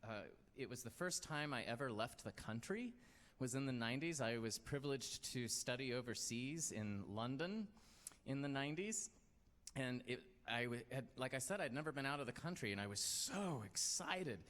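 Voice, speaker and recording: A man's voice: medium pitch, lively intonation, moderate pace, a bit bright. Guy hosting a story night, rambly and self-deprecating, voice echoing around a big hall. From United States. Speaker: storytelling show host. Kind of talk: personal storytelling to a live audience. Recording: long hall reverb.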